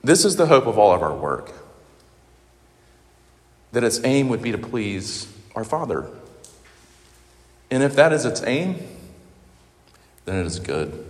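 A man preaching a sermon, earnest and emotional, halting with fillers. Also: mid-range voice, sing-song. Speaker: pastor. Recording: echoey hall with long reverb.

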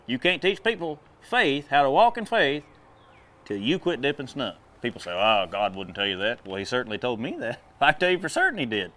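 Folksy preacher, animated and loud. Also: male voice, fairly high pitch, a little fast. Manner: folksy, animated, drawling with sudden loud bursts. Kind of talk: sermon.

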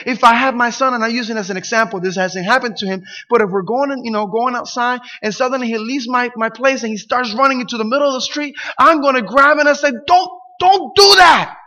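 A man preaching a sermon as pastor, animated and emphatic, acting out quotes. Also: very high-pitched. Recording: dull sound in a reverberant hall.

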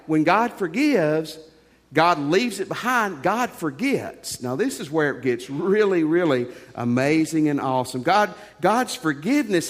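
A middle-aged man preaching from the pulpit, with a voice that sits a little high for a man. He talks earnestly and conversationally and mixes scripture with his own stories. His voice rings out with a long reverb in a church sanctuary. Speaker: pastor. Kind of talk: sermon.

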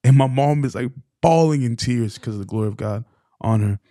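A man's voice: medium pitch, brisk, dark tone, no room sound, studio quality. A man in his twenties telling a personal story in a casual, rambling way, full of fillers. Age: 20s. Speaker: podcast co-host. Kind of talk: casual testimony.

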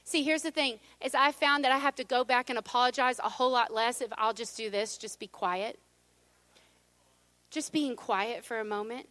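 A middle-aged woman delivers a sermon in a high, bright voice, recorded dry and close. She talks to the congregation in a chatty, humorous way and drops to a near-hush at times. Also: fairly even intonation, moderate pace, dry recording. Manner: conversational, humorous, drops to a hush for God's whisper. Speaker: pastor.

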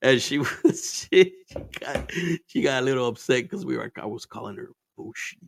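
A man's voice: medium pitch, expressive, moderate pace, creaky, no room sound. A man telling stories in casual chat as a podcast host, laid-back and profane, laughing often and mixing Spanish into his English.

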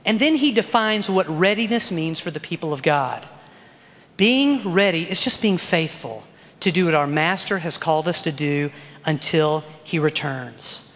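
A middle-aged male pastor preaching with a notably high voice, talking to his congregation in a loose, conversational way and often checking in with quick tag questions. The sound carries a long, trailing reverb, like a big hall. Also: expressive, fairly bright tone. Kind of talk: sermon.

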